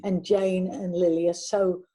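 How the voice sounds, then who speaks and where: An older woman, a veteran actress, chatting warmly in an interview and telling anecdotes from her career. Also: fairly low pitch, little pitch movement, a little slow, poor audio. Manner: warm anecdotal, chatty with restarts. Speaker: actress guest. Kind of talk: reminiscing interview talk.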